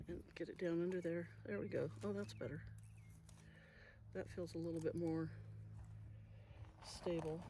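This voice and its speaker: A woman's voice: lowish voice, fairly even intonation, moderate pace, pauses often. A woman vlogging about her garden, chatting casually and thinking aloud as she works outdoors. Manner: chatty, thinking aloud, soft-spoken asides. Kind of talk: casual narration while working. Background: passing traffic.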